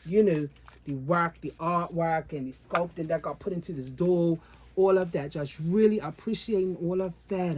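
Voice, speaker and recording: A woman's voice: lowish voice, a little mellow. Chatty woman repeating herself for emphasis. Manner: chatty, repeats phrases for emphasis, addresses viewers as guys. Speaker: doll collector vlogger. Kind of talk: casual chat to viewers.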